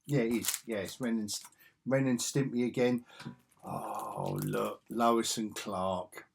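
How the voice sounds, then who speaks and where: Man, unhurried, rambling, musing aloud to himself. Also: mid-range voice, fairly even intonation, gravelly, a little hiss or hum. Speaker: comic collector vlogger. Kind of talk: casual chat while flipping through magazines.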